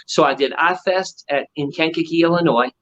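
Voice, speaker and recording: A man's voice: a little high, moderate pace, a little hiss or hum. A man, a ventriloquist, telling stories in a casual interview and acting out the people he quotes. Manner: animated storyteller acting out quotes. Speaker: ventriloquist guest. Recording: dull lo-fi audio.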